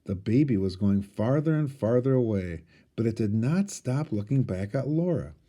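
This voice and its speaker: A man, a teacher, reading a storybook aloud with expressive storytelling. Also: mid-range voice, normal speed.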